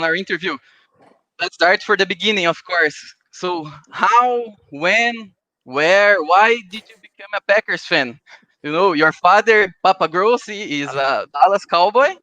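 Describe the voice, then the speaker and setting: A man's voice: high voice, expressive, unhurried, pushed and bright. A man who hosts a podcast interview in English, friendly and laughing often. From Brazil. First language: Portuguese. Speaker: podcast host. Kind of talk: casual interview.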